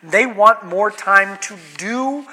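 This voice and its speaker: High, bright-voiced preacher in a hall. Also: male voice, takes it slowly. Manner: conversational preaching, rhetorical questions, quoted voices. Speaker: pastor. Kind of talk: sermon. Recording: long hall reverb.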